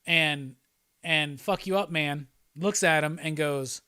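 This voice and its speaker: A man's voice: a little high, slow, sharp tone, smooth, no echo, clean studio sound. A man hosting a casual livestream chat, rambling and swearing freely, often laughing. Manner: rambling and profane, with frequent laughs. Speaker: host.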